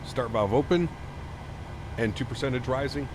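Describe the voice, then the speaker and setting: A man's voice: medium pitch, fairly quick. Canadian guy on a sim stream, chill, keeps thanking chat, mid voice, noisy hum behind. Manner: laid-back, reads chat, keeps thanking viewers. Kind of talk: casual live-stream chat. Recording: steady background noise.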